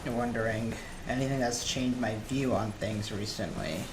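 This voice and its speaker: A man live-streams a video game, chatting casually and thinking aloud with fillers while he plays. His voice is mid-range at a moderate pace, recorded in an echoey room with loud background noise.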